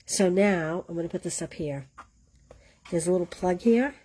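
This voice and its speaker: A woman's voice: lowish voice, moderate pace, dark tone. A woman with a Boston accent hosting a live card-stamping class, chatting and teasing herself while she explains each step. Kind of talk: live craft demonstration.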